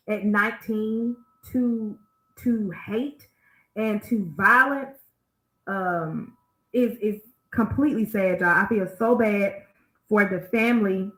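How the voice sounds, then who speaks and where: A woman's voice: medium pitch, pushed and bright, echoey room, poor audio. A woman hosting an online radio show, chatting casually through the news with lots of fillers, and she is out of breath. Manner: chatty, addresses listeners as y'all, many fillers.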